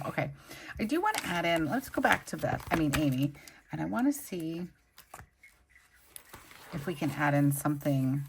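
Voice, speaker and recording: A woman's voice: sits low, sing-song, moderate pace, gravelly, long pauses, slight background noise. A young woman hosting a plan-with-me video, chatting and gushing over stickers as she decorates her planner. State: recovering from a migraine. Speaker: planner channel host. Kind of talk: casual plan-with-me chat.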